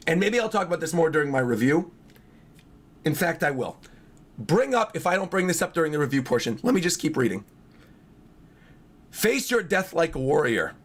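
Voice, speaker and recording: A man streaming a live reaction to a new manga chapter, his voice hoarse and worn, chatting excitedly to his viewers as he reads along and thinks aloud. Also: fairly high pitch. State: hoarse from yelling the night before.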